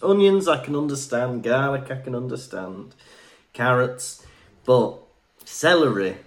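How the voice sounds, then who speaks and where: A man co-hosting a podcast in relaxed, chatty conversation, agreeable and easygoing. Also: medium pitch, a little slow. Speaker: podcast co-host. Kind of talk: casual podcast chat.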